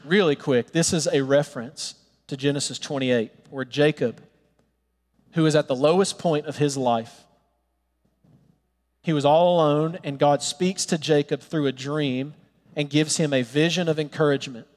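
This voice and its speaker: A man preaching a sermon in an earnest, pleading way, sometimes dropping to soft, tender tones. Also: a little high, normal speed, big-room sound. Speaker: pastor.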